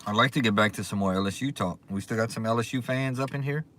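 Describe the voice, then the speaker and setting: An excitable man chats to his viewers live, thanking them again and again in a loose drawl. His voice sits on the low side but comes out bright and forceful. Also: fast talker. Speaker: livestream host. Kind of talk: casual live chat. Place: outdoors.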